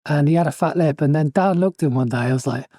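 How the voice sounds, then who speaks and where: A man's voice: fairly high pitch, fast talker, warm tone, no room sound, studio quality. A man telling band anecdotes in a casual podcast chat, often chuckling. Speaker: guest musician.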